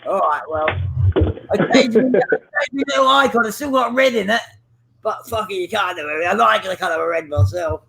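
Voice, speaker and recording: An Australian man chatting rowdily, swearing a lot and breaking into loud outbursts. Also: sits high, lively intonation, a little fast, creaky, poor audio. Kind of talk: casual chat.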